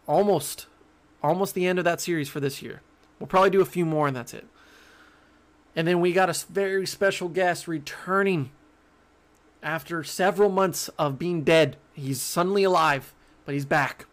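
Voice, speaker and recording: A man's voice: a little high, moderate pace. A young man hosting his own sports podcast, talking casually and jokingly with lots of stammered restarts. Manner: animated, rambling, joking, frequent stammered restarts. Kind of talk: casual solo sports talk.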